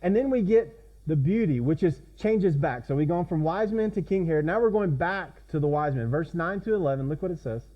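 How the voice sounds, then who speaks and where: Pastor preaching, asking the congregation questions. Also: male voice, a little high, lively intonation, brisk, lo-fi sound. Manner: conversational, asks the congregation questions. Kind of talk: sermon.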